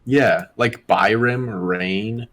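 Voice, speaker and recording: A man's voice: fairly low pitch, drawn-out words, fairly bright tone. A man co-hosting a casual esports podcast, laid-back and swearing now and then. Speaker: podcast co-host.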